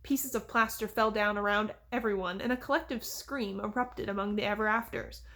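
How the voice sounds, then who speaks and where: A woman reading a children's fantasy novel aloud in a steady, even storytelling manner. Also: medium pitch, normal speed. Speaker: reader. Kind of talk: audiobook reading.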